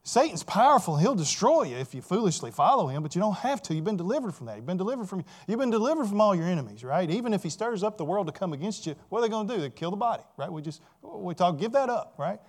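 A male pastor preaching a sermon, building to loud emphatic points and checking in with "right?". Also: high voice, big pitch swings, fast talker, few pauses.

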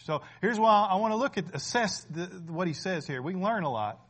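Male preacher, forties, high-ish voice, chatty delivery that builds to emphatic peaks. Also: expressive, fairly quick, hardly any pauses. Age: 40s. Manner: conversational preaching with frequent "right?", swelling to loud emphatic peaks. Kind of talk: sermon.

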